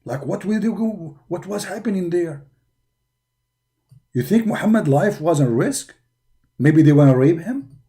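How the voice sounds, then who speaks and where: Animated, mocking male commentator. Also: sits high, measured pace, long pauses. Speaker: religion critic. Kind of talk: satirical commentary with voices.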